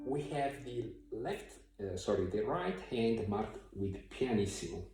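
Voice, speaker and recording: A man giving a piano tutorial in a thoughtful, hesitant way, with many pauses and fillers, recorded from a distance in a room with a piano. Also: fairly low pitch, expressive. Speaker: piano teacher. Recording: very echoey room, mic far off. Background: piano playing.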